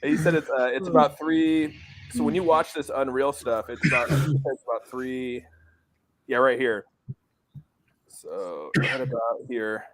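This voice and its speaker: A man's voice: medium pitch, measured pace, a bit bright. Rambling man full of fillers. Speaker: stream co-host. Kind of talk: casual group chat on a live stream.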